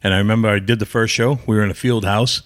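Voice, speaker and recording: A low-pitched man from New England recounts his old wrestling days as a podcast guest. He rambles through blunt, profane anecdotes, jumping into other people's lines as he goes. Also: fairly even intonation, quick pace. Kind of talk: casual storytelling interview.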